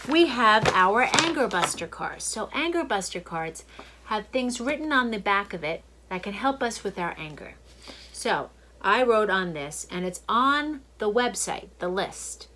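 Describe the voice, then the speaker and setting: A middle-aged woman, a child therapist, gently and encouragingly walking children through calming exercises. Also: on the high side, poor audio. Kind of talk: instructional talk to children.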